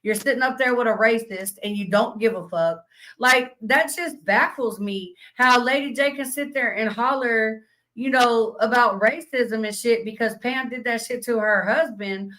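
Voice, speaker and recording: Speaking at normal speed with a sharp tone and a voice on the high side, a young adult livestream host rants at her chat, blunt, indignant, and cursing nonstop. She reads chat aloud and throws out indignant questions in this heated, profane tirade, captured on a low-quality recording.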